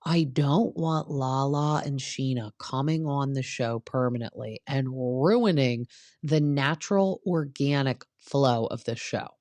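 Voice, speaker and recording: A woman's voice: very deep voice, slow, a little mellow, no echo. Chatty woman recapping reality TV, dry sound. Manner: chatty, peppered with "like". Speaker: podcast host.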